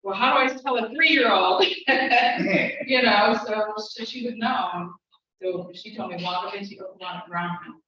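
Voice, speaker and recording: A middle-aged woman teaching a casual language class, chatting, laughing often and slowly repeating words to drill pronunciation. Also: mid-range voice, sharp tone. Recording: roomy, distant, dull, faint hiss.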